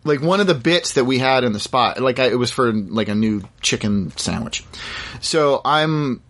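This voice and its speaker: A man's voice: mid-range voice, expressive, moderate pace, fairly bright tone. A man in casual chat, telling a story from a shoot with lots of fillers and restarts. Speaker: guest actor.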